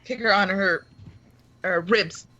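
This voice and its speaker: A woman's voice: mid-range voice, takes it slowly, bright, forceful tone, highs cut off. A woman playing a tabletop game, speaking hesitantly and laughing often. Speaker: player.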